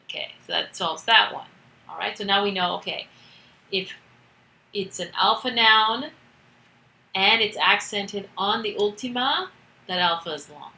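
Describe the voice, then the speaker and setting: A woman's voice: mid-range voice, lively intonation, unhurried, gravelly, long pauses, bright, forceful tone, roomy sound, rough recording. A woman teaching a recorded grammar lesson, explaining step by step with patience and the odd filler. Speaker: Greek teacher.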